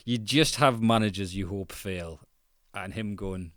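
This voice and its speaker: Lower-voiced man, jokey podcast chat. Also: measured pace, a bit bright, no room sound, clean studio sound. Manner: laughs often, jokey and rambling, drifts into mocking impressions. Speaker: podcast co-host. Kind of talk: casual football chat.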